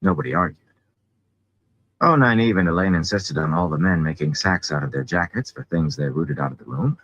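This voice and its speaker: A man reading a fantasy novel aloud in an expressive way. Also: low-pitched, breathy edge, muffled recording. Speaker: audiobook reader.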